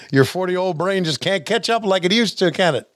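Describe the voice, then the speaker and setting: An older man hosts a podcast, his high voice coming through a very noisy recording. He chats casually about old wrestling footage, halting and stammering as he goes and chuckling often.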